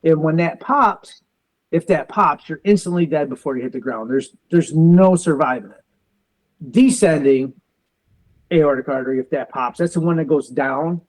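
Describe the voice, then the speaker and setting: Guest, male, 40s, veteran and police officer, slightly high voice, storyteller who acts out both sides of conversations. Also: a little mellow, low-quality recording. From United States. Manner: quotes others in quick back-and-forth, uses car comparisons. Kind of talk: animated personal storytelling.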